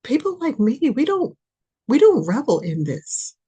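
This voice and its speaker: A woman with a slightly raised, husky voice hosts a spiritual podcast. She talks slowly and pleads with her listeners, repeating her lines and moving between loud urging and quiet, breathy asides. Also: fairly high pitch, sing-song. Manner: pleading, repetitive, swings between loud and soft. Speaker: podcast host, spiritual reader. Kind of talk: impassioned spiritual reading.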